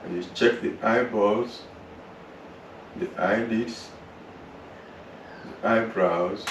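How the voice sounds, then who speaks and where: A man with a lowish voice leads a yoga class through a slow body scan and breathing work, soothing and unhurried. He sounds roomy and set back from the mic, with a faint hiss underneath. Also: steady tone, distant mic, muffled recording. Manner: slow, soothing, drawn-out guidance. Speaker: yoga teacher. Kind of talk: guided relaxation and yoga instruction.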